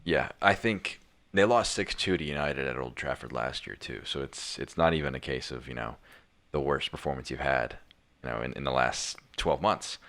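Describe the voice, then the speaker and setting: Young guy w a super deep voice chatting football, rambly, keeps restarting. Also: normal speed, fairly bright tone. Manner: rambling, many restarts and fillers. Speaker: podcast co-host. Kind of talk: casual football chat.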